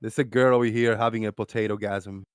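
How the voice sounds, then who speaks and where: A man hosting a casual voice-chat stream, talking loudly and laughing often, with plenty of swearing, close to his desk microphone. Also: fairly low pitch, fairly even intonation, fast talker, clean tone, dry recording. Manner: loud, laughing, profane. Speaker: stream host.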